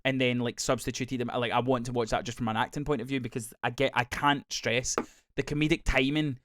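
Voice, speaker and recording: A man's voice: medium pitch, little pitch movement, a little fast, background noise. A man co-hosting a podcast, gushing over a TV episode in casual chat, swearing freely and acting out scenes. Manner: enthusiastic, swears freely, acts out scenes in quoted voices. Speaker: podcast co-host.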